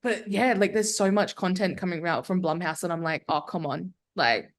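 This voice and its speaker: A woman's voice: lowish voice, moderate pace. A young adult woman, a guest filmmaker chatting casually and candidly on a podcast, full of "like" fillers. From Australia.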